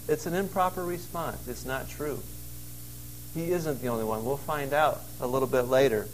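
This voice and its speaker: Earnest preaching man, fairly high voice. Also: a little mellow, a little hiss or hum, rough recording. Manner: earnest, conversational preaching with emphatic quoted lines. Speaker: pastor. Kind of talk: sermon. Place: outdoors in a wilderness cave.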